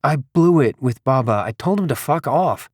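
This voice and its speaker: An earnest, troubled young man in an audiobook, voiced by its male narrator. He talks in a middle-pitched voice with a slightly pleading edge. The sound is close and dry. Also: expressive, moderate pace, dry recording. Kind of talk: audiobook character reading.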